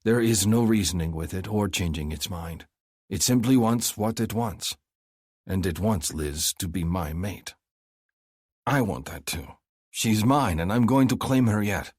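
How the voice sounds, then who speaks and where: A man reading a novel aloud in first person, measured and intense. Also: sits low, husky, no room sound, studio quality. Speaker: audiobook narrator. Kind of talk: scripted first-person narration.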